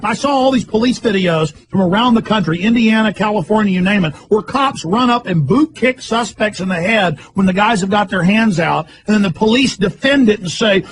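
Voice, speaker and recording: A man hosting a radio show, delivering a fiery ranting monologue with shouting and growling outbursts. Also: high voice, lively intonation, normal speed, few pauses. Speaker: radio host.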